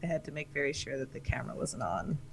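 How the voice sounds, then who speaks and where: A woman's voice: low-pitched, big pitch swings, quick pace, vocal fry. A woman guest on a gaming stream who has just woken up, teasing and laughing easily. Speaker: guest co-host. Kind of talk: casual chat.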